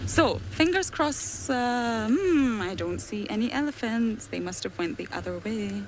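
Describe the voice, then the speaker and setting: A woman's voice: fairly high pitch, animated, unhurried, a little hiss or hum, poor audio. Chatty woman guiding a safari drive. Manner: chatty, self-deprecating. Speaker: safari guide. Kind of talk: live commentary from a game drive.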